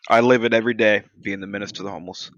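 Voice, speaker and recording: A man's voice: on the low side, a bit bright, dry recording, muffled recording. A man co-hosting a podcast, telling a story animatedly, swearing and laughing a lot. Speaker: podcast co-host. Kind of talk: casual chat.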